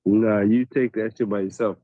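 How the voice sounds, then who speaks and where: A man's voice: lowish voice, fairly even intonation, normal speed, dry recording, narrow, tinny audio. A man in casual chat, laid-back, answering in short lines between laughs.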